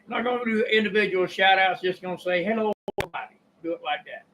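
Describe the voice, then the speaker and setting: An older man with a Kentucky drawl, talking in a rambling, folksy monologue and clearing his throat often. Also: high-pitched, fast talker, bright, forceful tone, slight background noise, low-quality recording. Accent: Southern US (Kentucky). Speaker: YouTube preacher and storyteller. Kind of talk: casual monologue.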